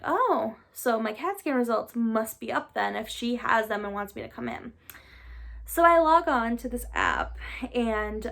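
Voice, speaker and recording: A woman's voice: a little high, creaky. A woman in her twenties telling her own story to camera in a casual, chatty way, full of fillers. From Massachusetts, US. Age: 20s. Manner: chatty, many "like" and "um" fillers, sighs.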